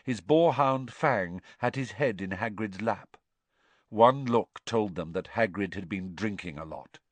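A man giving expressive, scripted storybook narration at a close mic. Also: on the low side, measured pace, no echo. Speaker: audiobook narrator.

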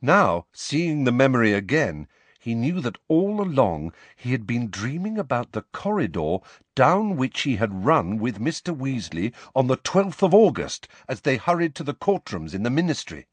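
A man reads a novel aloud with measured, expressive storytelling. His pitch moves a great deal. The sound is dry and close. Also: dry recording. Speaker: audiobook narrator. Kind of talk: scripted narration.

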